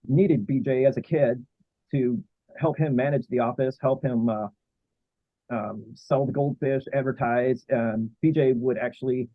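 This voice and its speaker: A man talking as a guest historian in a casual interview, halting with many fillers and restarts. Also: mid-range voice, no room sound. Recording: tinny phone-like line.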